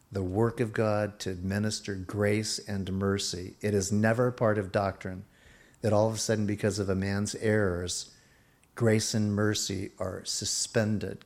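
Low-voiced man preaching a sermon. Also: a little mellow. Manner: emphatic preaching with shifting pace, urging listeners. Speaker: pastor.

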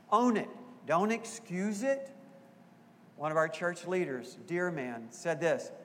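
Male pastor, sermon, high voice, emphatic, repeats phrases, long church reverb. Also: a bit bright, a little hiss or hum. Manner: asks the congregation questions. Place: church sanctuary.

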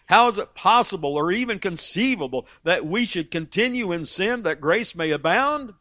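A man's voice: high voice, lively intonation, normal speed, sharp tone, dry recording. A man preaching a sermon in an earnest, emphatic way, often restarting phrases and reading quotations aloud.

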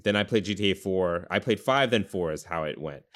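Deep-voiced guy hosting a chatty podcast, kinda rambly, restarts a lot. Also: lively intonation, brisk, fairly bright tone. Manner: rambling, filler-heavy, many restarts. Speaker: podcast host. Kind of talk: casual chat.

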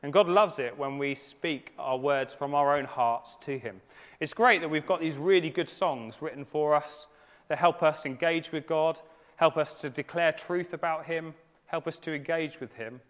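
A man in his thirties giving a sermon as preacher, earnest and conversational with gentle humour. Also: on the high side, normal speed. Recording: long reverb of a large church hall.

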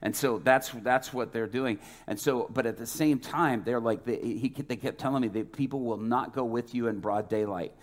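A man preaching, telling a testimony as a lively storyteller who acts out the dialogue. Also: mid-range voice, moderate pace, few pauses. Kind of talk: sermon testimony.

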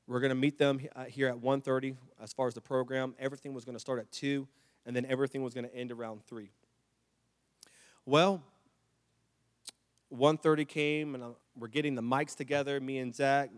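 A male pastor preaching a sermon, telling a story with many restarts and calling on the congregation to answer back. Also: medium pitch. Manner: preaching with rising intensity, call-and-response with the congregation.

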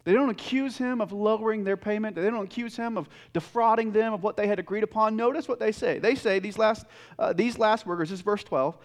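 A young adult man preaching a sermon, earnest and emphatic, swinging between loud peaks and soft quiet stretches, with frequent restarts. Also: high-pitched, fairly quick, hardly any pauses. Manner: repeats and restarts words. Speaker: pastor.

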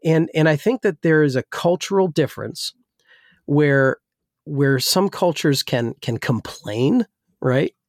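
A man's voice: a little high, lively intonation, slow, no room sound, clean studio sound. A man who grew up in New Jersey and now works as a pastor, talking casually and rambling with many restarts, his voice still a little weak. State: slightly weak voice. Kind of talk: casual discussion.

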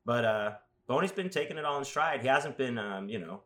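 A man chatting casually as a podcast host, telling rambling stories with crude jokes and animated asides. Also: medium pitch, a little fast. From Las Vegas. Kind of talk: casual chat.

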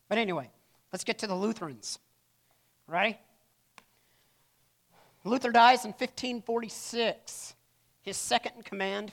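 A church history teacher giving a casual classroom lecture, chatty and digressive, with playful asides to the class and stories retold through acted-out quotes. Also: mid-range voice.

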